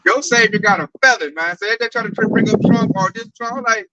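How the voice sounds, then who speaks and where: A man in a casual group discussion, animated and slangy, often tagging his sentences with "man". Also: sits high, brisk, no echo, rough recording. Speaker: camp group member.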